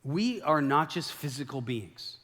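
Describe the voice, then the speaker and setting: A man preaching a sermon as a pastor, telling the story in a lively way and acting out the quoted lines. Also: on the high side, measured pace. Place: church sanctuary. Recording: long hall reverb.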